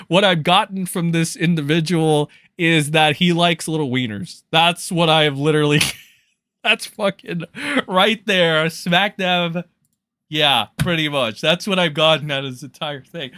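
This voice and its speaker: A man's voice: on the high side, sharp tone, dry recording, clean studio sound. A man hosting a livestream, reacting to clips in a loose, sarcastic and profane way. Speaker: livestream host.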